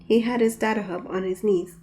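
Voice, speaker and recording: A woman reads her own novel aloud at an ordinary middle pitch. She narrates plainly and raises her voice sharply for the characters' quarrels. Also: fairly even intonation, brisk, dark tone. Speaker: author reading her own book. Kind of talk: audiobook narration.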